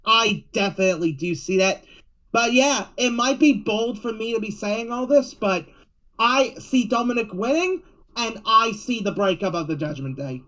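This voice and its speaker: A man's voice: high voice, animated, moderate pace, pushed and bright, low-quality recording. A man co-hosting a podcast, sharing predictions in casual chat and thinking aloud with lots of hedging. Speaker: podcast co-host.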